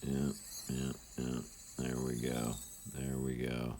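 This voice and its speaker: A man's voice: rumbling low, monotone, takes it slowly, noisy background. A man giving casual voice-over commentary as a channel host, rambling and laid-back with lots of fillers.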